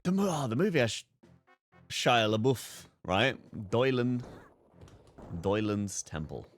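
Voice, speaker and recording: A man's voice: mid-range voice, very animated, a little slow, faint music behind. A young man streaming a game, chatting casually, swearing freely and breaking into laughter. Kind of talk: live gameplay commentary.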